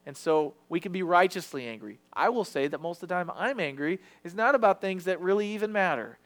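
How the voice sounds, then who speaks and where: A man's voice: high-pitched, animated, fairly quick, fairly bright tone. A man preaching a sermon in a conversational, confessional way, acting out quoted voices. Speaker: pastor.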